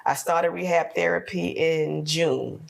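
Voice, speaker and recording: A woman's voice: deep voice, fairly even intonation, measured pace, vocal fry. A woman from Florida telling an emotional personal story on a podcast, acting out her prayers and what others said. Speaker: podcast guest.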